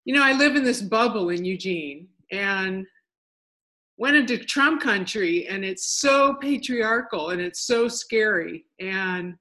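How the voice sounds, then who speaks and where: A woman on a group call sharing her feelings in a subdued, halting way. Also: mid-range voice, bright, forceful tone, rough recording. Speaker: participant.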